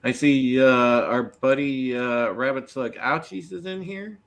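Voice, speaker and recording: A man's voice: medium pitch, a little slow. A man hosting a casual political podcast, blunt and mocking, greeting chat viewers by name. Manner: blunt, mocking, reads chat names aloud. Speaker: podcast host.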